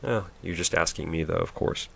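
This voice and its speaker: A man's voice: low-pitched, moderate pace, creaky, fairly bright tone, a little hiss or hum. A man giving a sarcastic, rambling movie review, mocking the scenes and sometimes mimicking the characters in silly voices. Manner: rambling, offhand.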